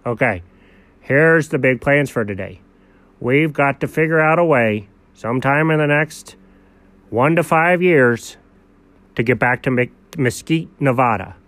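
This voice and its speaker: A man co-hosting an improvised comedy show, playing the exasperated straight man in quick back-and-forth. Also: mid-range voice, fairly bright tone, dry recording. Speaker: comedy co-host.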